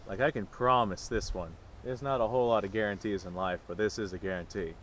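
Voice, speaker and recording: A man's voice: on the low side, brisk, a bit bright, a little hiss or hum. Sarcastic man vlogging outdoors. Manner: sarcastic, mock-serious. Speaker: gun vlogger. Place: outdoors at a shooting range.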